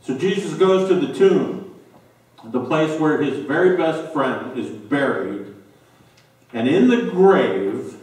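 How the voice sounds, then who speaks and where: A male pastor preaching a sermon, slow and emphatic with dramatic pauses, recorded in a church sanctuary. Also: on the high side, expressive, darkish tone. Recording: very echoey church from a distance.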